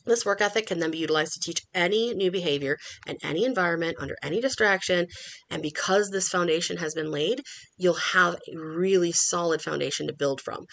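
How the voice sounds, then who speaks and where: A middle-aged woman hosting a dog-training podcast, explaining methods in an instructional tone and acting out the dogs' thoughts in a playful voice. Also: a little fast. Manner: animated, acts out dog thoughts in a high playful voice.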